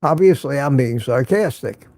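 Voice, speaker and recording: A man's voice: medium pitch, expressive, normal speed, mellow, no echo. An older man hosting a casual morning livestream, greeting viewers by name and rambling sarcastically. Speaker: livestream host.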